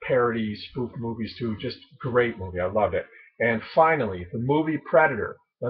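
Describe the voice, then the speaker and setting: A man's voice: mid-range voice, highs cut off. A man vlogging casually about his favorite movies, rambling and enthusiastic with many fillers. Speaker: prepping channel vlogger. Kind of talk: casual movie list chat.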